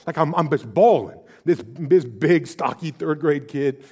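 A man delivers a sermon in a fairly high voice that ranges widely. He drops low and quiet, then climbs to loud, emphatic peaks and acts out the people in his story. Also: very animated, a little fast. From Illinois, USA. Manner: swings from hushed to loud and emphatic, acts out quotes. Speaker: pastor.

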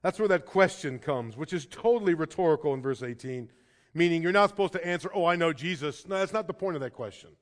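Man, high voice, pastor, sermon, earnest, hushed then emphatic, repeats words at sentence starts. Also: animated, quick pace.

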